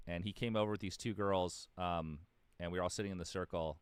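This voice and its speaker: A man with a very low voice talks fast in a rambling, restart-heavy way, full of fillers. He is a musician guest in a casual interview chat. The sound is dry and close. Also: steady tone, clear, resonant tone, dry recording.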